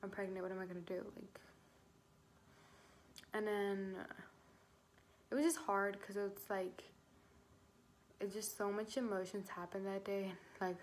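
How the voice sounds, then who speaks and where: Young woman telling her own story in a storytime vlog, speaking at a middle pitch. Her talk is loose and casual, full of "like" and swearing. She acts out what she said at the time, and there is a faint hiss behind her. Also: little pitch movement, a little slow, long pauses. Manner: casual, swears often, fills with "like". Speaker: vlogger.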